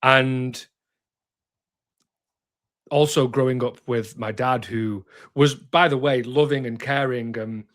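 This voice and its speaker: A man's voice: medium pitch, fairly even intonation, slow, long pauses, a bit bright. Blunt, emphatic male therapist. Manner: direct, emphatic, swears, frequent restarts. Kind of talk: candid conversational interview.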